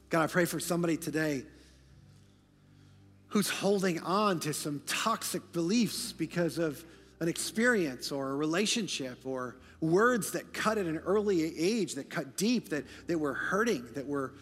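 A man preaching from a large church stage, his voice high and carrying. He builds to fervent, emphatic peaks, then drops to near-whispers for quiet moments. A long hall reverb trails each phrase over faint music. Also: animated, unhurried. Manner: impassioned, rising to near-shouting emphasis; drops to hushed, whispered lines for quiet points. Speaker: pastor. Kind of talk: sermon.

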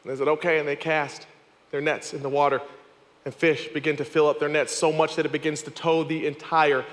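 A man preaching a sermon, telling a story dramatically and swinging between fervent and hushed passages, in a church hall. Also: a little high, little pitch movement, fairly quick. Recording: echoey hall.

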